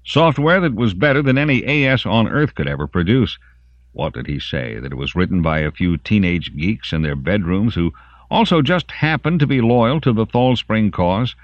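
Relentless male interrogator played by a man, needling questions, higher lively delivery, dry muffled sound. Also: moderate pace, no room sound, lightly acted.

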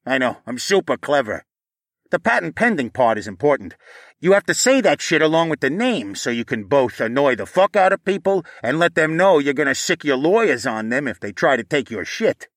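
A man's voice: medium pitch, fairly bright tone, no echo, studio quality, voice pushed up. A man voicing a paranoid, foul-mouthed male inventor who rants and boasts in a recorded message. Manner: profane, boastful, ranting.

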